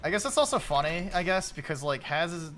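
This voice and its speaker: A man in his late twenties chatting casually while streaming a game, loose and profane, shouting at the game when it goes wrong. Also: a little high, sing-song, fairly quick, soft background music. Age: late 20s.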